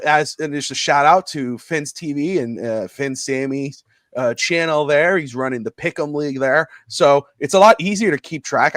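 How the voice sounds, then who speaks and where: A middle-aged man hosting a casual live sports talk show, rambling and excitable and laughing often as he talks. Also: a little high, no echo, clean studio sound.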